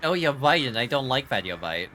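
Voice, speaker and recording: Male live streamer, playful and reactive with chat; wildly expressive pitch, forceful bright tone. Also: a little fast, soft background music. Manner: jokey, reacting aloud and greeting chat. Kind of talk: live gameplay commentary.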